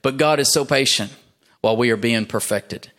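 A man's voice: mid-range voice, normal speed, fairly bright tone. A man pastor preaching a sermon in a church, emphatic, punctuating his points with "amen" and rising for emphasis.

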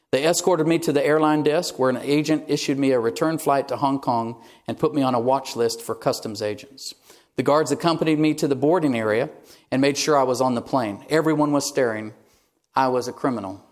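A man's voice: mid-range voice, darkish tone. A male pastor delivering a sermon, telling a story in a conversational way and reading quoted passages aloud.

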